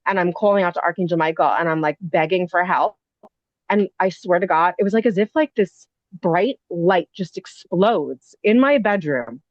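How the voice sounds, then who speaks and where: A woman in her thirties telling a story casually as a podcast guest, animated and full of fillers and quick asides. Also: fairly low pitch, no room sound. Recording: dull muffled sound, dry.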